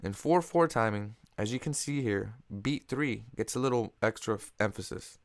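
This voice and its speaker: A man narrating a scripted music theory lesson, explaining in a steady, measured way and counting beats aloud. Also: on the low side, no echo. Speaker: music teacher.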